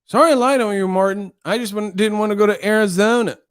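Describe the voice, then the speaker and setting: A man's voice: high voice, quick pace, clean tone, pitched above the performer's own voice, close to an everyday voice. A man imitating a timid, apologetic little boy in a small, pleading voice. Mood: sheepish.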